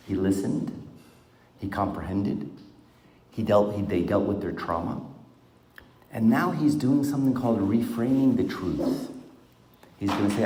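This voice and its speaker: Deep-voiced man teaching a small group. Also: warm tone. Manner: asks the group questions, conversational. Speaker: Bible teacher. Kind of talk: informal Bible talk to a small group. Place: small room around a table. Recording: echoey room.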